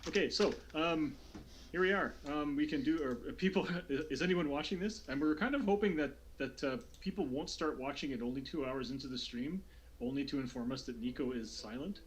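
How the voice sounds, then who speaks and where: Keyboard clicks and noise fill the online call as a male game master, voice fairly high and fairly quick, rambles through fillers and restarts ahead of the recap of his streamed tabletop game.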